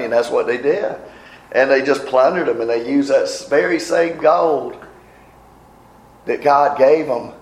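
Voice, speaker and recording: A man preaching a sermon in a conversational way, asking the listeners questions and reading scripture aloud slowly. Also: medium pitch. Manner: conversational, asks the congregation questions. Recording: echoey room.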